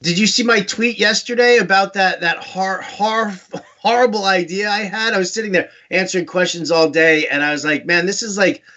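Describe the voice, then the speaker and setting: A man's voice: sits high, moderate pace, bright, forceful tone. A man from New York hosting a live fantasy football stream, chatty and joking, in a lo-fi recording. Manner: chatty, joking, restarts often. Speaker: host. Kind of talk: casual sports chat. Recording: dull lo-fi live stream audio.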